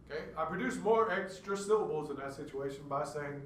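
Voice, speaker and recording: A man's voice: on the high side, a little fast, slight background noise. A man giving a classroom lecture, explaining step by step and acting out stuttered words to demonstrate. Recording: echoey room, mic far off.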